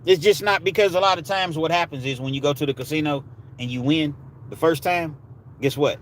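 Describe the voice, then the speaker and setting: A man's voice: a little high, brisk, slight background noise. A man hosting a live stream, chatting casually with viewers and telling stories in a laid-back way with street slang. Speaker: livestream host. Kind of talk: casual storytelling and chat with viewers.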